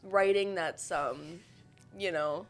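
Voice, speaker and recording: A woman's voice: on the low side, takes it slowly, faint music behind. A woman chatting casually on a podcast, rambling with many fillers and restarts. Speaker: podcast co-host.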